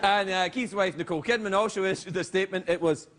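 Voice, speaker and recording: A man's voice: sits high, fast, crowd noise. A Scottish man hosting a late-night show, joking and bantering playfully in mock-indignant style, recorded in a TV studio. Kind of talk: comedic monologue banter. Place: TV studio with live audience. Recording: loud studio audience and noise.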